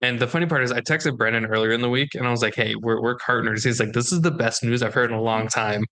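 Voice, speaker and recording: A man's voice: medium pitch, steady tone, quick pace, bright, forceful tone. A young man co-hosting a podcast, telling a story in casual chat and acting out the dialogue. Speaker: podcast co-host.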